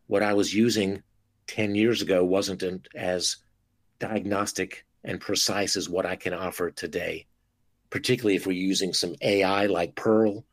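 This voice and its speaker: A man who is a dentist, talking as a guest on a podcast interview in an expressive, animated way and acting out talks with patients. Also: sits low, no room sound.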